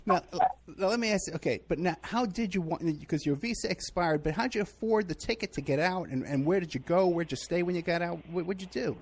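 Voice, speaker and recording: Quick-questioning male interview host. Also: high-pitched, slightly rough. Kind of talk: casual interview.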